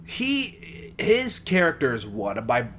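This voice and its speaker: A man's voice: medium pitch, wildly swooping pitch, unhurried, fairly bright tone, a little hiss or hum. A man co-hosting a casual movie review chat, rambling with playful asides. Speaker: podcast co-host.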